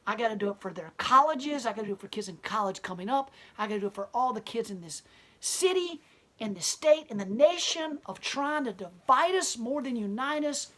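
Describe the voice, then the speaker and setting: A woman's voice: a little high, expressive, a little fast, fairly bright tone. A woman who owns a gallery speaks bluntly and defiantly in an impassioned interview monologue. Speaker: gallery owner and protester.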